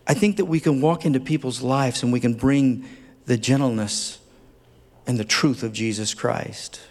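A man's voice: medium pitch, moderate pace, a little mellow. A man preaching a sermon as a pastor, speaking earnestly and tenderly, building at times to fervent emphasis. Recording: long hall reverb.

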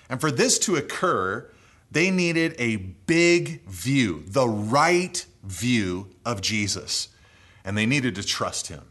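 A man preaching a sermon in an earnest way, lifting his voice for emphasis and dropping it low and quiet at the ends of phrases. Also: expressive, slow. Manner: earnest preaching, swinging between raised emphatic phrases and low hushed endings.

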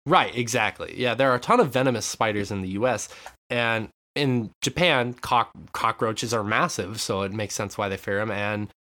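A young man chatting casually on a podcast, telling stories in a lively way with frequent swearing and laughter. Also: on the low side, normal speed. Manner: animated storyteller, swearing, laughing often. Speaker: podcast co-host. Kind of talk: casual chat.

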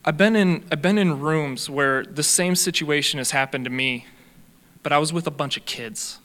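A man's voice: fairly high pitch, normal speed, pushed and bright. A young man preaching a sermon in an earnest way, teaching on faith and healing. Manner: earnest, reads a long testimony aloud.

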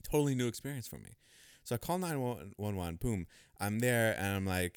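A man hosting a podcast, telling a long story in a rambling, animated way with many restarts. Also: on the low side, moderate pace, smooth, no room sound, clean studio sound. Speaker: podcast host. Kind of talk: casual storytelling chat.

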